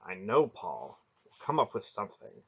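A man reading an audiobook, voicing an older male sorcerer who speaks in a measured, cautious way. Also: fairly low pitch, big pitch swings, gravelly, slightly rough, muffled recording, heavily acted.

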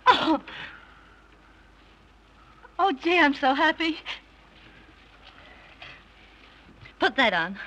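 A spoiled, headstrong young heiress, coaxing and playful in early 1930s film style. Her voice is high and bright, with lively swings of pitch. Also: slow pace, heavily acted, rough recording. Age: young adult. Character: spoiled, headstrong rich young daughter in love.

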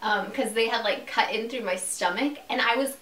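A woman's voice: a little high, normal speed, a bit bright. A young woman in her twenties telling a story in a casual vlog at home, giggling often and talking with lots of fillers. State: recovering from surgery. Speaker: YouTuber. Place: home room. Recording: echoey room, mic at a distance.

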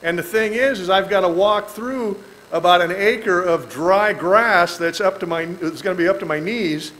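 High-voiced man teaching the Bible. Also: moderate pace, rough recording. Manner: folksy and animated, with joking asides and chuckles. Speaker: pastor. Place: church.

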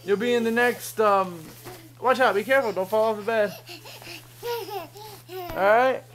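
A man's voice: high voice, measured pace, a bit bright. A man filming his baby son at home in a bedroom, teasing and coaxing him in a playful, joking way. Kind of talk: playful home video talk to a toddler.

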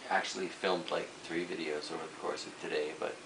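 A man's voice: low voice, steady tone, quick pace, vocal fry, fairly bright tone, slight background noise, rough recording. A man co-hosting a casual home vlog, easygoing and matter-of-fact. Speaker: vlogger co-host.

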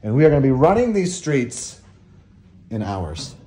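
A man's voice: fairly high pitch, big pitch swings, fairly quick, mellow. A man hosting a casual travel vlog, upbeat and chatty, laughing often. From Florida. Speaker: vlog host.

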